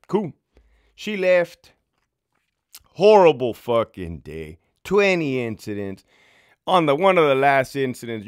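A man's voice: medium pitch, no room sound, clean studio sound. A man, a former prison sergeant, telling his own story to camera in a casual, heated, profanity-filled way.

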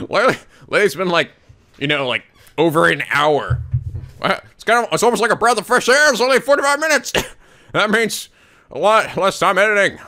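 A young man giving excitable, laughing let's play commentary and putting on silly voices for the game characters. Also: sits high, fairly quick.

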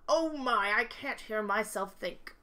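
A woman's voice: on the high side, animated, slow, sharp tone, heavily acted. Woman doing a fussy old clockmaker man. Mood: fretful. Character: fussy older man clockmaker who hates noise.

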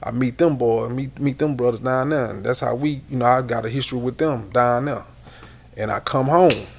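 Gravelly-voiced man telling stories. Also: medium pitch, moderate pace, slight background noise. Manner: loose and animated, repeats words. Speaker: guest. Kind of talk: casual storytelling interview.

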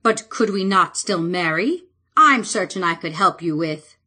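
A woman voicing a confident, loving young male king in an audiobook, steady and assured. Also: fairly low pitch, a little slow, breathy edge, exaggerated voice.

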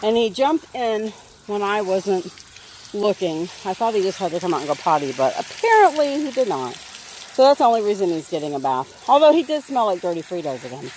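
A woman's voice: mid-range voice, sing-song, brisk, a little mellow, a little hiss or hum. A woman chatting casually to her viewers while bathing her dog outdoors, coaxing him in a sing-song voice. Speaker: dog owner vlogger. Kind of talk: casual vlog narration. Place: outdoors by a pool.

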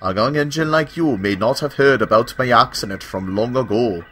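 A man's voice: mid-range voice, moderate pace, a bit bright, slight background noise, close to an everyday voice. A man voicing a nervous, hesitant old male steam engine in a storybook tale. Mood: worried. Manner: timid, hesitant.

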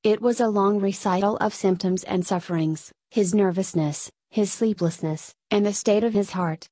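Brief: female storyteller, measured read, mid pitch, dry close sound. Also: mellow, dry recording. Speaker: narrator. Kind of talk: scripted narration.

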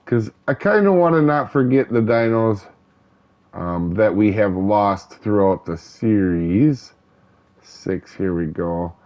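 Slow, low-voiced man doing gameplay commentary. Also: muffled recording. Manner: relaxed, rambling, many ums and uhs. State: hiccups. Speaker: gaming channel host. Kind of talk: casual let's-play commentary.

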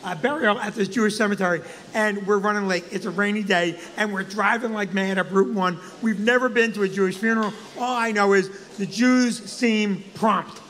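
A comedian co-hosting a live show, telling an animated, profane story and shouting his punchlines. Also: sits high, moderate pace, big-room sound. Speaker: comedian and co-host.

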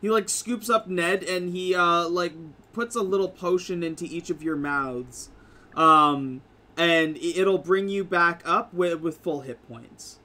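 Rambling male game master, slightly high voice. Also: unhurried, pushed and bright. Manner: rambling, full of "like" and "uh". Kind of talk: narrating a tabletop game.

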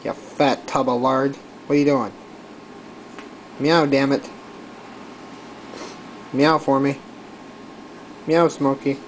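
A man speaks to his cat at home at an unhurried pace, his pitch sitting in an ordinary middle range. He teases and coaxes, sometimes calling out loudly and sometimes dropping to soft baby-talk whispers. A faint air-conditioner hum runs behind him. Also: steady tone, poor audio. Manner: teasing, coaxing, swings between loud urging and soft baby-talk whispers. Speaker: cat owner filming his pet.

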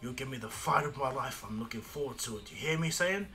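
A man's voice: mid-range voice, expressive, quick pace, pushed and bright, faint music behind. A man voicing a cocky male god of destruction in a casual fan story retelling, speaking in a laid-back, boastful way. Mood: amused.

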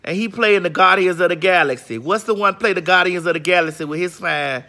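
A middle-aged woman hosting a casual gossip chat, sassy and flamboyant with long drawn-out exclamations. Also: on the low side, bright, forceful tone. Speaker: vlog host.

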